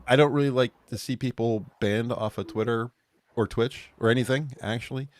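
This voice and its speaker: A man's voice: mid-range voice, fairly even intonation, normal speed. A man hosting a casual political chat stream, rambling with many fillers and restarts and laughing at himself. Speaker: podcast host.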